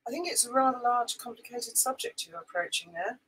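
A woman's voice: a little high, very animated, fairly quick, fairly bright tone, slightly rough, rough recording. A woman co-hosting a casual live stream from a boat, wry and teasing in manner.

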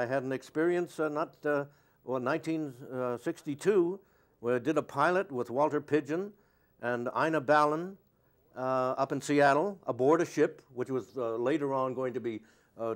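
An older man sits for an interview and answers at length. He wanders from one anecdote to the next in an easy, conversational way, with his voice at an ordinary middle pitch. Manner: rambling, anecdotal storyteller. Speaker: actor being interviewed.

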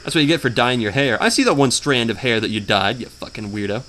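A man's voice: mid-range voice, animated, fast talker, bright, forceful tone, a little hiss or hum. A man giving crude, mocking commentary while playing a video game, humming the theme and trying out funny voices. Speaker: let's player. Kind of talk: casual gameplay commentary.

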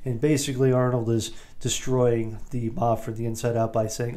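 A man hosting a podcast, giving a rambling, jokey recap of a movie with quick asides. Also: mid-range voice, little pitch movement, warm tone. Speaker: podcast host.

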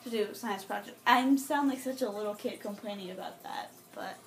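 A teenage girl telling a rambling, self-mocking school story to camera, full of restarts and fillers, and she jumps into high, loud mimicking voices. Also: normal speed. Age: teens. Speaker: vlogger.

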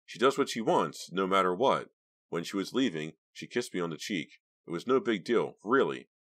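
A man voicing a charming teenage boy who talks in a nervous, smooth, placating way. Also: low voice, animated, normal speed, a bit bright, pitched above the performer's own voice.

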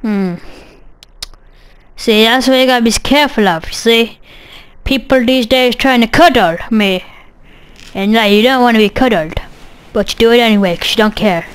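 A woman's voice: fairly high pitch, normal speed, a little hiss or hum, low-quality recording. A woman doing a let's play commentary, goofy and sweary, talking back to the game. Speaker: gamer.

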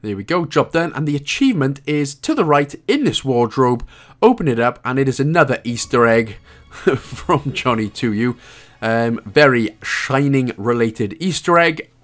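A man's voice: mid-range voice, expressive, normal speed, a bit bright. A Welsh man hosting a game walkthrough, talking casually and joking with a laugh here and there. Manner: chatty, jokey, laughs often. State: out of breath. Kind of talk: casual gameplay commentary.

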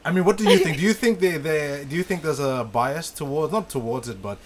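A man's voice: fairly high pitch, brisk. A man from Papua New Guinea, co-hosting a casual podcast, tentatively thinking his point through aloud.

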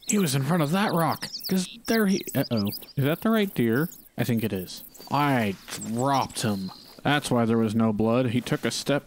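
A man's voice: mid-range voice, a little hiss or hum. A man giving casual gameplay commentary, talking and pleading with the animals on screen. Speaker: gaming channel host.

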